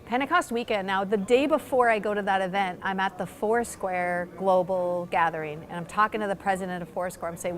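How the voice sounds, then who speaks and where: A woman pastor telling a story in conversation, animated and excited, acting out quoted lines, with frequent "like" fillers. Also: mid-range voice, a little fast, few pauses. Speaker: pastor and church planter.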